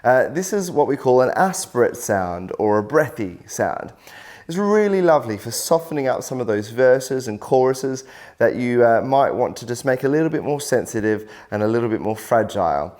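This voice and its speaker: A man's voice: mid-range voice, animated, normal speed, darkish tone. Man coaching singing, encouraging. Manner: encouraging, explains clearly, step by step. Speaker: vocal coach. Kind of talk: video workshop instruction.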